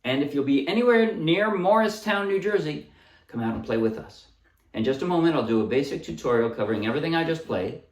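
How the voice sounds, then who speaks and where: A man with a slightly high voice talks fast while casually teaching a ukulele song, walking through chords and strums and singing short snippets as he plays. It's a relaxed tutorial recorded with roomy echo, his voice a bit far from the mic and the ukulele loud.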